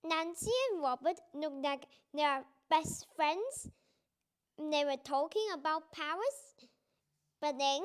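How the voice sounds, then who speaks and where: Reading a picture book aloud and explaining it, this English teacher speaks in a high voice at a slow pace. She's deliberate, repeating each sentence so learners can follow.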